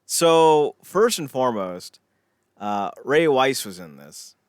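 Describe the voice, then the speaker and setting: A man's voice: mid-range voice, big pitch swings, takes it slowly, clear, resonant tone, no room sound, clean studio sound. A man co-hosting a casual podcast, rambling and swearing, often trailing off into mumbles. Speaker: podcast co-host.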